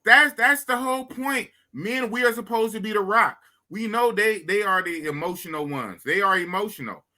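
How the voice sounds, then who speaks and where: A man's voice: sits high, moderate pace, pushed and bright. A man hosting a podcast, cheering his guest on with emphatic call-outs in casual chat. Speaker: podcast host.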